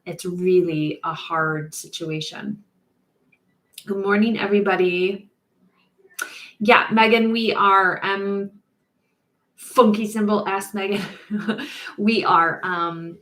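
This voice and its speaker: A woman, a mortician hosting a casual live-stream chat, talking in an upbeat, rambling way with frequent laughs and pauses. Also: on the low side, a bit bright. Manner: chatty and upbeat, laughs often between thoughts; rambling with frequent ums and restarts.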